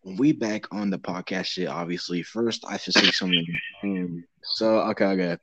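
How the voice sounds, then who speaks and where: Low-voiced teen boy on a muffled mic. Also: moderate pace, gravelly, heavy background noise. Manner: rambling, laughing, swearing. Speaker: podcast host. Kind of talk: casual chat among friends. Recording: dull muffled lo-fi sound.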